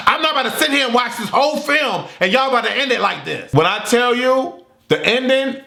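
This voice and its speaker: Animated man reviewing a movie, echoey room. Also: extremely high pitch, normal speed, vocal fry. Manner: animated and excitable, acts out his reactions and yells at the screen. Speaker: movie reviewer, channel host. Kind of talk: casual movie review vlog.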